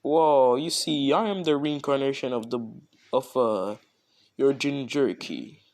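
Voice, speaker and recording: A man's voice: mid-range voice, a little slow, a little mellow, close to an everyday voice. A man voicing a powerful male villain who talks formally and politely. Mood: explaining.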